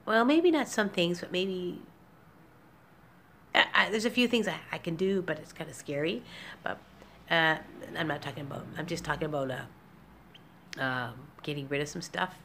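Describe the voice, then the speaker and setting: A woman's voice: low-pitched, normal speed, pauses often, pushed and bright, slight background noise. Candid, tearful woman vlogging at home. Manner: rambling, tearful, candid, with nervous laughs. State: emotional, near tears. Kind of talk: emotional personal vlog. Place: small apartment indoors.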